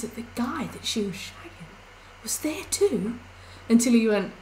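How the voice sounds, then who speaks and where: A woman's voice: on the high side, very animated, unhurried, darkish tone, slight background noise, rough recording. A young woman chatting casually on a live stream while she plays, rambling through stories with lots of fillers.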